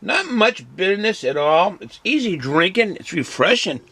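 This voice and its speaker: A man casually reviewing a beer on his vlog, relaxed and rambling, with lots of ums and uhs. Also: sits high, normal speed, breathy edge, no room sound. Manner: relaxed, rambling, many fillers; chews and hums while eating.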